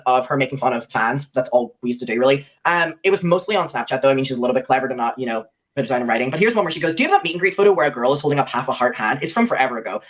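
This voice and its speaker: A man's voice: mid-range voice, fairly bright tone. A young man recounting a personal story in a played clip, animatedly acting out the lines of the people he quotes.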